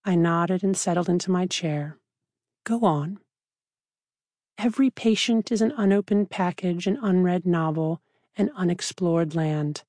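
A woman, a psychiatrist, reading her own memoir aloud in a measured, reflective way. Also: fairly low pitch, mellow, no room sound, studio quality. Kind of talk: audiobook narration.

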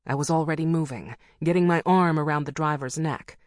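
A woman reading a first-person novel aloud as an audiobook narrator, with wry, brisk storytelling. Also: low voice, no echo, clean studio sound.

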